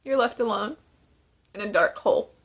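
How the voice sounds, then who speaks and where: Husky-voiced woman pleading urgently. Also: medium pitch, normal speed. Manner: urgent, pleading, tearful at times. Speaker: former inmate speaking out. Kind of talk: emotional testimony.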